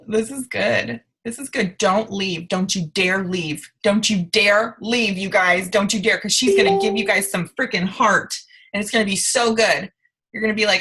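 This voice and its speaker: A woman's voice: mid-range voice, steady tone, normal speed, gravelly, fairly bright tone, husky. A young woman hosting a video call, giving a gushing, repetitive motivational pep talk to her team. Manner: gushing, repetitive, hyping up the audience. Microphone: computer mic on a video call.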